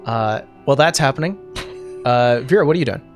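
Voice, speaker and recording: A man narrating as game master in a tabletop game, casual and halting. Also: mid-range voice, animated, faint music behind.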